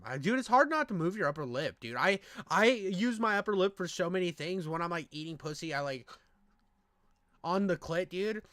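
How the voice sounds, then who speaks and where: Crude joking young man, bit higher. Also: expressive, normal speed, fairly bright tone, dry recording. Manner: crude, joking, says dude a lot. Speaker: co-host. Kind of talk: reaction commentary.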